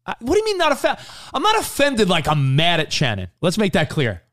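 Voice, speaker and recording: A man co-hosts a podcast in relaxed, swearing banter, laughing his way through his stories. His voice sits a little high and leaps around in pitch. The sound is dry and close. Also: a little fast, no echo. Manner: animated, laughing, swears freely. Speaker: podcast co-host. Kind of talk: casual chat.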